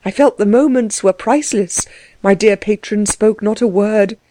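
A woman's voice: mid-range voice, moderate pace, mellow, a little hiss or hum, lightly acted. Distraught older male servant, pleading and anxious; a woman narrator reads the part. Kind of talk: audiobook character reading.

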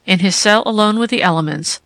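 A woman reading a literary essay aloud in a calm, deliberate way. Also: mid-range voice, dry recording. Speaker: reader.

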